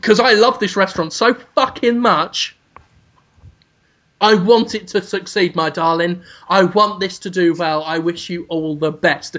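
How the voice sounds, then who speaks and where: A man's voice: sits high, unhurried, fairly bright tone. Sneering two-faced chef, foul-mouthed, as a man puts him on, muffled lo-fi sound. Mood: fake sweet. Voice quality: sneering, swearing constantly. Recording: dull lo-fi podcast audio.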